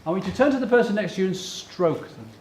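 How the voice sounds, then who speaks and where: This middle-aged chemistry professor sits high in pitch and talks fast with lively intonation, cracking jokes with the kids during a public science lecture. It's filmed by a distant fixed camera in an echoey lecture theatre, and a little hiss or hum is audible.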